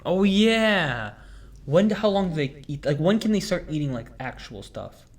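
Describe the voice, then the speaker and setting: A man's voice: a little high, very animated, a little slow. A young man hosting a casual chat, rambling and goofy, full of fillers and restarts. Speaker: podcast host.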